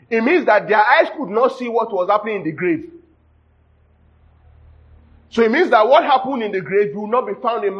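Male preacher, high and husky, conversational teaching sermon, dull recording. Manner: checks in with the audience often, jokes and laughs. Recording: dull lo-fi sound.

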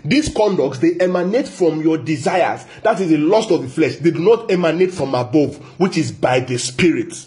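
A man preaching a Bible teaching sermon, emphatic, repeating key phrases, asking rhetorical questions and slowing down to stress scripture quotes. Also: fairly high pitch, animated, a little mellow.

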